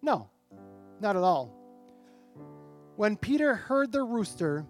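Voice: mid-range voice, very animated, slow pace, faint music behind. A pastor preaching a sermon in a church, talking conversationally and asking rhetorical questions.

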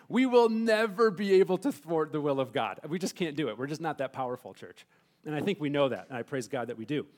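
A pastor preaching a sermon, asking his congregation rhetorical questions and slowing down softly on scripture. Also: fairly high pitch. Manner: animated preaching, rhetorical questions, soft slow emphasis on scripture.

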